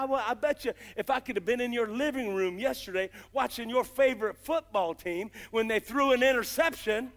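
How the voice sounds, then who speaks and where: Fiery preacher man, high bright voice. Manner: impassioned, shouting bursts, drawn-out emphasis; folksy, uses "gotta" and "ain't". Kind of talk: fiery revival sermon.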